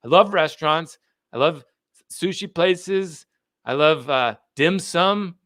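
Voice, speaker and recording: A man's voice: on the high side, slow, fairly bright tone, no echo, clean studio sound. An American man hosting a livestream on local politics, emphatic and fired up. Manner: fired up, emphatic, laughs at himself. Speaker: host. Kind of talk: animated livestream commentary.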